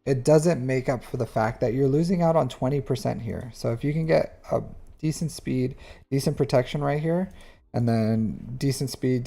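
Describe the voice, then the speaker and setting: A man reviewing a player's game account on a live stream, chatty and animated, with lots of fillers. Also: mid-range voice, creaky. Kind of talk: casual live-stream commentary.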